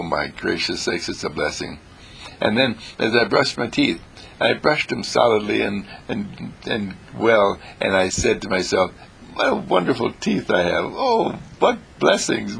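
Very husky, gravelly man, exuberantly animated. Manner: exuberant, swooping between high exclamations and low murmurs, repeats phrases. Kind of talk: inspirational monologue.

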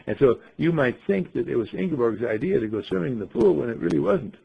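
A man with a very husky, gravelly voice tells a rambling story to a small group, swinging his pitch widely as he muses aloud. The sound is dull and lo-fi. He clears his throat often as he goes. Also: expressive, quick pace. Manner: playful, acts out voices in quotes, frequent throat clearing. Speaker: speaker telling a story to a group. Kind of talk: rambling spoken storytelling and musing.

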